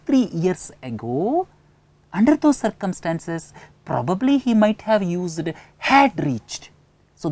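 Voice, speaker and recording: A woman with an Indian English accent teaches an English lesson, repeating key phrases to drive points home. Her voice sits very low, yet her intonation rises and falls in a lively way. The recording is dry and close. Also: dry recording. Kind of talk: recorded lecture explaining an editorial.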